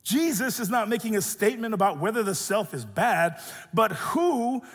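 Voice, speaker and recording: A high, husky male voice preaching with wide swings in pitch, lively and expressive as he acts out each voice in his story. The sound carries a long reverb, as from a large church sanctuary. He sounds like a pastor in his thirties. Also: normal speed. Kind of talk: sermon with personal storytelling.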